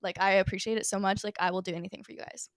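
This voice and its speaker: A woman's voice: medium pitch, level tone, racing, no echo, studio quality. A young woman co-hosting a podcast, telling a story in a casual, gushing way and saying "like" constantly. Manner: gushing, fills nearly every phrase with "like". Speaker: podcast co-host.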